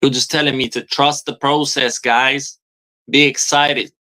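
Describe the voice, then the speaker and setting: A man's voice: mid-range voice, flat delivery, moderate pace, bright, forceful tone. A man, delivering an exasperated, profanity-heavy fan rant as a football streamer, hammering his points home by repeating phrases. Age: 30s.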